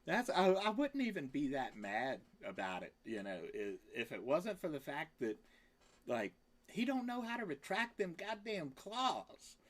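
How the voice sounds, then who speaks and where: This livestream host talks at a measured pace but is extremely animated. He rambles casually, swears without restraint, laughs between lines, and jumps into a high, squeaky voice whenever he quotes an exclamation.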